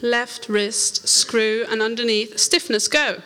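A woman telling an animated church testimony, laughing often and acting out the voices in her story. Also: a little high, slow. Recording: reverberant hall.

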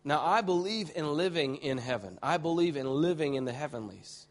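A male preacher telling a vivid vision story in a sermon, excitable and full of restarts, swinging from hushed tones to shouts. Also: fairly high pitch, moderate pace.

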